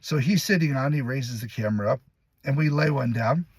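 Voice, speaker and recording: A man who acts in commercials, casually telling a lively behind-the-scenes story and acting out what others said. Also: medium pitch, brisk, slightly rough, dry recording. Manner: lively, laughs while telling, acts out other people's lines. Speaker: commercial actor.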